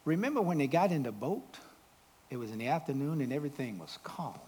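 A man preaching a sermon, calling out questions to the congregation and swinging from loud, exclaiming passages to hushed asides. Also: a little high, very animated, fairly quick, slightly rough.

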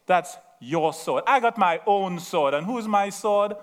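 A preacher acting out a bold young shepherd hero. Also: male voice, sits high, lively intonation, measured pace. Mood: defiant. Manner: emphatic, repeating lines for effect.

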